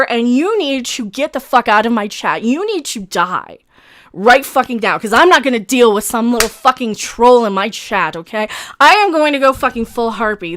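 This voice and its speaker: Woman streamer, high swooping voice, furious profane rant, grieving. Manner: furious, profane, shouting at chat trolls. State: grieving, agitated. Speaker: live stream host. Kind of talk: angry live-stream rant.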